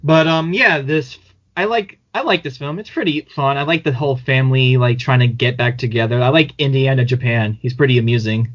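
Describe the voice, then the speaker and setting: A man's voice: mid-range voice, a little fast. A man co-hosting a casual podcast, rambling with many fillers and laughing often. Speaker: podcast co-host. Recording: dull lo-fi audio.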